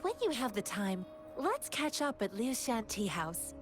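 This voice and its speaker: A woman's voice: fairly high pitch, big pitch swings, unhurried. A courteous composed lady. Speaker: game character. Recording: game audio under music.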